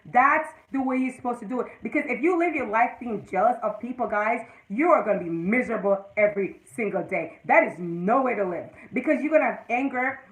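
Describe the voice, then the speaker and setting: A woman's voice: on the high side, fairly quick, few pauses, fairly bright tone, rough recording. A woman hosting a casual livestream, giving motivational advice and greeting viewers by name. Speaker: livestream host.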